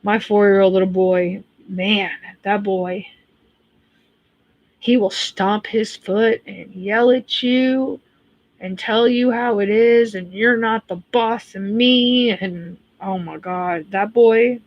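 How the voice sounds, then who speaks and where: A woman's voice: mid-range voice, steady tone, takes it slowly, dry recording, lo-fi sound. Blunt chatty American woman. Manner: blunt, chatty, swears freely. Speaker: livestream host reading chat. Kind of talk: casual chat.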